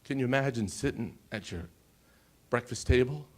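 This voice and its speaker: A man in his forties telling his personal story on a conference stage, emotional and pausing, often asking the audience questions. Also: mid-range voice, darkish tone. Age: 40s. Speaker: conference speaker.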